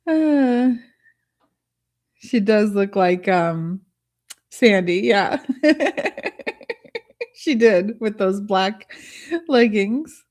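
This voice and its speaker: A woman's voice: medium pitch, animated, very slow, long pauses, a little mellow. A woman hosting a live tutorial stream, chatting casually with viewers, laughing often and thinking aloud as she works. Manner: thinks aloud while working on screen. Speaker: host of a live art studio stream.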